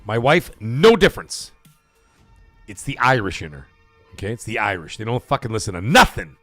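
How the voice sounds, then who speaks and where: A middle-aged man hosting a live stream in loose, profane, rambling chat that breaks into bursts of shouting. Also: lowish voice, sing-song, moderate pace, no room sound, soft background music. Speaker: livestream host.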